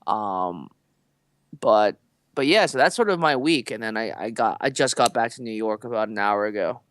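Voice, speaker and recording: A man's voice: on the low side, animated, moderate pace, fairly bright tone, clean tone, no echo. Young male podcast co-host; rambling, filler-heavy delivery; resonant voice; dry close mic. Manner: loose, rambling storytelling with many fillers. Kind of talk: casual chat.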